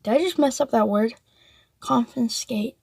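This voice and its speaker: A woman's voice: on the high side, measured pace, dry recording, clean studio sound. A woman telling a story casually, rambling with lots of "like" and restarts.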